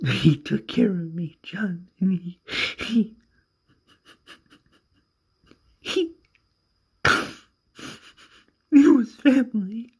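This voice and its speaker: A man's voice: high voice, very animated, slow pace, dark tone, husky, voice pushed up, exaggerated voice. A man voicing a grieving young woman in a broken, strained voice that keeps repeating itself.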